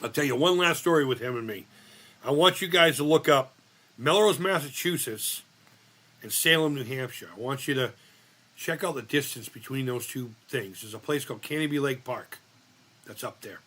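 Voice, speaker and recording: Middle-aged man, bright voice, loose and profane, rambling live-chat host. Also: mid-range voice, normal speed. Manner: profane, rambling storyteller reading chat aloud. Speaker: livestream host.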